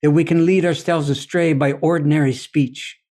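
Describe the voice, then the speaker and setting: Male guest with a measured, reflective delivery and a somewhat raised pitch; a thoughtful storyteller. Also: fairly even intonation, warm tone. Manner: deliberate, philosophical, often asks "you see?". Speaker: podcast guest.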